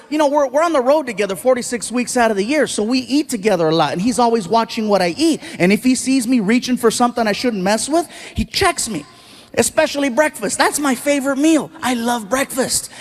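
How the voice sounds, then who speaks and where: A man telling stand-up stories in an animated way, acting out the people in them, on stage at a live show. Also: very high voice, big-room sound. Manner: animated, acts out voices, jokes at his own expense. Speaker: stand-up comedian. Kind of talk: stand-up storytelling.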